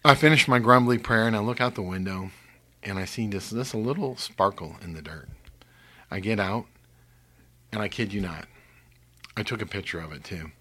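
Older male guest from Missouri, low husky voice, earnest storyteller sharing faith testimony, whispers for emphasis. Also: normal speed, pauses often, sharp tone.

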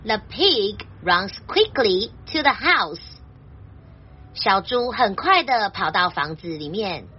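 A woman translating a children's story and explaining vocabulary in a clear, gentle teaching voice. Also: medium pitch, very animated, slow, highs cut off.

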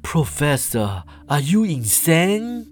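A man voicing a tired young male student detective, speaking low and wearily. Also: sing-song, slow. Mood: exasperated.

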